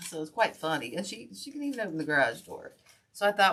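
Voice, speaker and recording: A woman's voice: on the low side, very animated, quick pace, sharp tone. A woman hosting a casual crafting tutorial, chatting and rambling as she works with her hands. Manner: chatty, rambling, talks while working. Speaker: wreath-making host.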